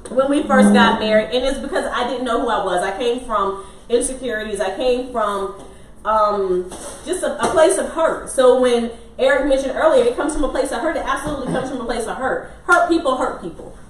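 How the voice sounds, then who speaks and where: A woman's voice: on the high side, a little fast, slight background noise. A woman co-hosting a podcast, chatting casually and laughing easily, then speaking earnestly to her listeners. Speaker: podcast co-host. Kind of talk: casual chat. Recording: roomy sound, mic at a distance.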